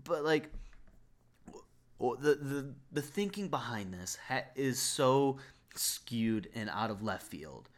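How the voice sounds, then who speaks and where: A young man hosting a podcast, in the middle of a solo comedic rant. He talks at a middle pitch and plays up his outrage. He stumbles through his points with plenty of filler words and restarts. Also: big pitch swings, slow pace. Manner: mock-outraged, over-the-top comic indignation; rambling with many fillers and restarts. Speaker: podcast host.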